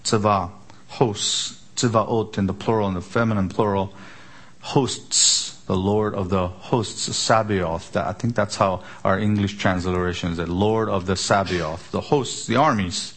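A man preaching an expository sermon, emphatic, asking rhetorical questions and slowing down on key words. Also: fairly low pitch, fairly even intonation, a bit bright. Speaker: pastor.

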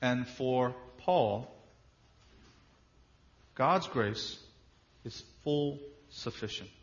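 A man preaching a sermon, emphatic, stretching key words slowly and asking the congregation rhetorical questions. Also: medium pitch, animated, lo-fi sound. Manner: emphatic, with slow drawn-out stresses and rhetorical questions.

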